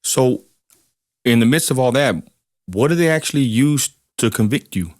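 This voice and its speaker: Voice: medium pitch, expressive, moderate pace, a little mellow, no echo, clean studio sound. An interviewer who asks brief prompting questions and guides the story.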